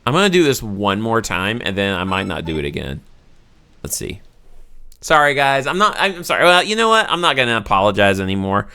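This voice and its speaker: A Southern US man in his thirties hosts a let's play, commenting on his gameplay and talking straight to viewers, often frustrated and prone to loud outbursts. His sing-song voice is on the low side and a little fast, with a faint hiss or hum.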